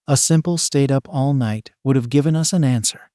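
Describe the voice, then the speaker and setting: A tall, cocky teenage boy swordsman needles his friend in a smug, teasing tone, as a man reads him. The voice sits at a middling pitch, recorded dry and close. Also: moderate pace, dark tone, dry recording, lightly acted.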